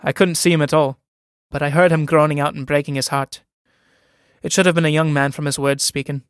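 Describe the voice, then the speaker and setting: Man doing a timid young farmer suitor, uneasy, hesitant, slightly high voice, dry. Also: fairly even intonation, brisk, smooth, no room sound, natural voice. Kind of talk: dramatic play reading.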